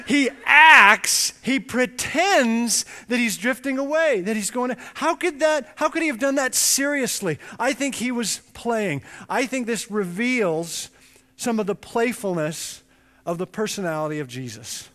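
A man preaching a sermon, emphatic and animated, with chatty asides. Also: high-pitched, measured pace. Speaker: pastor. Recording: long reverb in a large hall.

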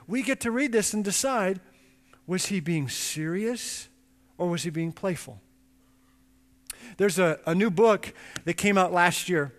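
A man preaching a sermon, emphatic and animated, with chatty asides. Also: sits high. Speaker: pastor. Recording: long reverb in a large hall.

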